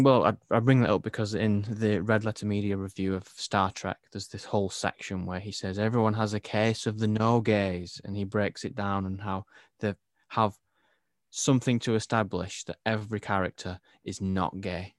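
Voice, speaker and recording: Opinionated English film podcast co-host, low voice, dead-dry mic. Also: male voice, normal speed, no echo. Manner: animated, opinionated, laughs easily. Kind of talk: casual film review chat.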